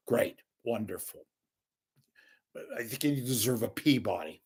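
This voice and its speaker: Scornful older man with a gravelly voice. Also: medium pitch, lively intonation, measured pace. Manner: sarcastic, scornful, profane. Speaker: media commentator. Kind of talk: ranting solo commentary.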